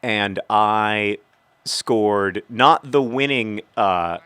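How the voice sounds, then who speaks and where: A man's voice: lowish voice, very slow, a bit bright, clear, resonant tone, dry recording. A man in his thirties giving rambling, self-deprecating commentary while playing a soccer video game and cheering on his team. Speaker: gaming video host.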